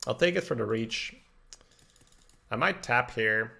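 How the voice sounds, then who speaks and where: A man's voice: medium pitch, lively intonation, measured pace, gravelly, sharp tone. A man from Belgium, a game streamer chatting casually while thinking aloud about his plays and answering viewers. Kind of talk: casual live-stream commentary.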